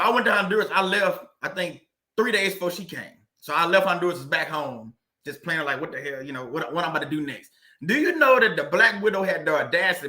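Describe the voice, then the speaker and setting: A man hosting a casual livestream, telling a personal story and reading viewer comments, animated and laughing often, repeating words for emphasis. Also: on the high side.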